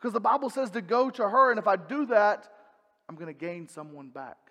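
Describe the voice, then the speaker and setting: Male preacher, higher voice, conversational and earnest, reverberant hall sound. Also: brisk, a bit bright. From North Carolina, US South. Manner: earnest, conversational preaching with frequent repetitions and self-corrections. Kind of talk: sermon.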